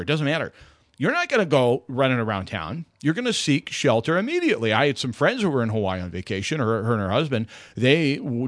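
A man's voice: mid-range voice, dry recording. A man hosting a casual radio talk show, rambling and self-mocking as he chats from a studio mic.

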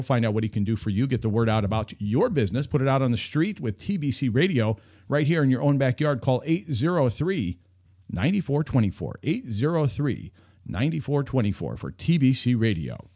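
A man's voice: medium pitch, very animated, fairly quick, dark tone, no room sound. Radio host guy, voice jumping all over, playful self-mocking banter, dry studio sound. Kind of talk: call-in radio talk.

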